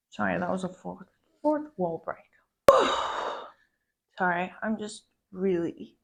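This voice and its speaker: A woman's voice: fairly low pitch, animated, measured pace, creaky, pauses often. Woman ranting as a POV girlfriend. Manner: profane, ranting, calls the listener babe. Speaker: content creator. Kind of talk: POV girlfriend role-play venting.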